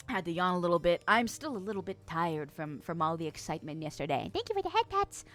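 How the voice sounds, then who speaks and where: A woman's voice: on the low side, huge pitch swings, normal speed, faint music behind. A woman streamer in casual chat, reading chat messages aloud with lots of laughter and self-mocking jokes.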